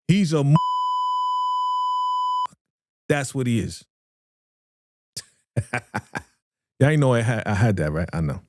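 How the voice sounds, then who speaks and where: Animated man hosting a slangy reaction stream. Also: mid-range voice, dry recording, studio quality. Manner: animated, slangy, reads viewer comments aloud. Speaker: reaction show host. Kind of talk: live-stream fan reaction chat.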